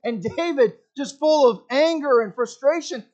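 A man preaching a sermon, reading scripture and swinging between loud emphasis and quiet, dropped phrases. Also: very high voice, lively intonation, moderate pace. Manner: dramatic preaching, rising and falling sharply in volume. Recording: muffled lo-fi recording.

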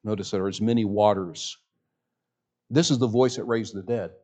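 Preaching pastor, man, low voice. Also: steady tone. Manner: dynamic preaching, swings from loud emphasis to hushed; reads scripture slowly and deliberately. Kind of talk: sermon. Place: church sanctuary with a sound system.

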